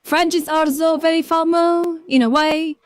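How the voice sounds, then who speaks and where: A woman's voice: extremely high pitch, steady tone, measured pace, no echo, studio quality. A woman with a Vietnamese accent chatting casually on a livestream, rambling and greeting viewers from chat by name. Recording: faint background music.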